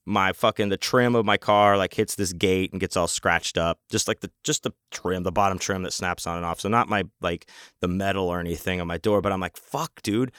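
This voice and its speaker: A man's voice: deep voice, fairly even intonation, brisk, a bit bright, clean tone, dry recording, clean studio sound. A man telling a story in a casual, rambling way, heated and full of swearing. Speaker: convention vendor telling a story.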